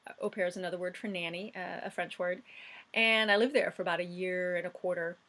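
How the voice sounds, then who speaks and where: A woman's voice: lowish voice, fairly even intonation, quick pace, fairly bright tone. Chatty woman in her forties. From United States. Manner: chatty and reminiscing, with fillers and restarts. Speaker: vlogger. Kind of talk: casual vlog monologue.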